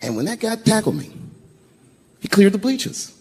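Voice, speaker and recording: A man's voice: high-pitched, big pitch swings, normal speed, darkish tone. An older man telling a profane stand-up story on an arena stage, acting out the voices of the people in it. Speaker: stand-up comedian. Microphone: handheld stage mic. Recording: live arena recording with crowd noise. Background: audience laughter.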